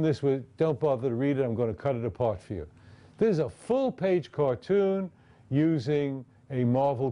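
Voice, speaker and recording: A man's voice: medium pitch, warm tone. A man giving a lecture and talking through slides in a conversational way, often checking in with the audience.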